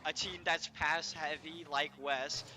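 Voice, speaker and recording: A young man doing brisk play-by-play commentary on an esports match, calling out player names. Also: a little high, steady tone, pushed and bright. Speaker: esports caster.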